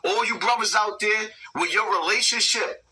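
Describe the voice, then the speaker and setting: A man's voice: sits high, moderate pace, sharp tone, recorded from a distance, poor audio. A man hosting a commentary video, ranting and preaching to his viewers with lots of repetition. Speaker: commentary channel host.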